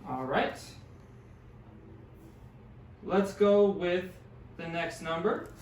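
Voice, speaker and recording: A man's voice: high voice, very slow, a little mellow, a little hiss or hum. A man teaching a classroom language lesson, patiently sounding out words and encouraging his students. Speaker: Spanish teacher. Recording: echoey room, distant mic.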